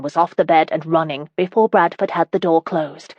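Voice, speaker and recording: A woman narrating a historical romance audiobook in a steady, even storytelling manner. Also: low voice, normal speed, few pauses, no room sound.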